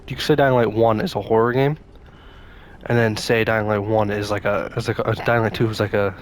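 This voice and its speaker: A gaming YouTuber with a lowish voice rambles through casual let's-play commentary, talking to himself and bursting out now and then in fright. A slight hiss or hum sits under the recording.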